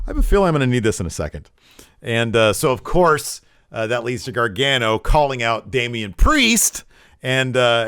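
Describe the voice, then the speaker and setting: A man co-hosting a podcast, recapping wrestling in casual chat and acting out quotes with lively raised voices. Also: medium pitch, smooth, no room sound, clean studio sound. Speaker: podcast co-host.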